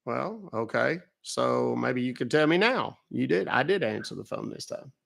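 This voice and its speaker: A man's voice: mid-range voice, expressive, normal speed, creaky, fairly bright tone. A man from North Texas, hosting a casual livestream, chatting with viewers and playing dumb with a phone caller. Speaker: livestream host baiting phone scammers.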